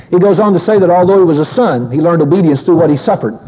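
An earnest male preacher giving a measured, reflective sermon in a slightly high, husky voice. The old lo-fi recording carries a long hall reverb.

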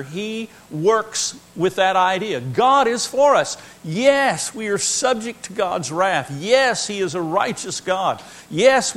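Man, high voice, earnest Bible teacher, emphatic and repetitive. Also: a bit bright. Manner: earnest, emphatic, repeats key phrases. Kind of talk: Bible lesson.

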